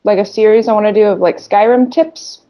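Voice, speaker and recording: Woman co-host, brisk and casual, slightly dull sound. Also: mid-range voice, steady tone. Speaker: podcast co-host, video maker. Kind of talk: casual podcast banter.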